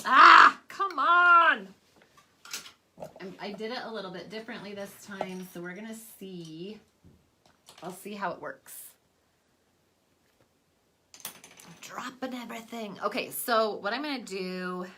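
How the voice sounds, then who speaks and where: Chatty low-pitched woman with a bright voice. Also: slight background noise. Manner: rambling and chatty, many fillers. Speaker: vlogger. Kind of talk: casual makeup vlog chat. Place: at home, away from her desk.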